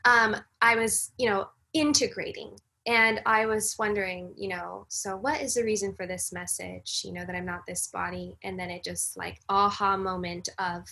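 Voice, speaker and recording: A woman guest on a podcast, a breathwork facilitator, telling a personal story in an animated, casual way with frequent fillers. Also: medium pitch, normal speed, gravelly, hardly any pauses.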